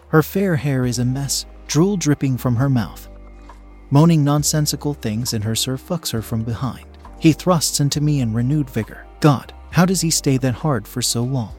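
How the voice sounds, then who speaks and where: A man of middle pitch reads a scripted first-person story in a calm, even way. Some passages drop to a hushed, breathy tone. Quiet music sits faintly under his voice. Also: moderate pace. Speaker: story narrator.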